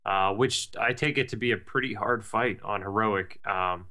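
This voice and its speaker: A man co-hosts a casual gaming podcast and gives long, detailed run-downs scattered with fillers. His voice sits low and carries a forceful edge. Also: moderate pace. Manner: explains in detail, with many fillers. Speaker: podcast co-host.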